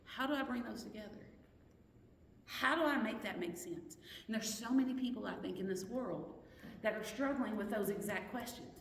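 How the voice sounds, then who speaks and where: A woman's voice: medium pitch, normal speed, gravelly, slight background noise. Woman Bible study teacher, earnest and questioning, recorded from a distance in a roomy hall. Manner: earnest, questioning, restarts mid-sentence.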